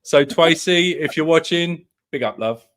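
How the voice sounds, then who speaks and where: A man's voice: fairly high pitch, moderate pace. A man hosting a casual football chat, rambling and hesitant, often laughing along. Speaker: host.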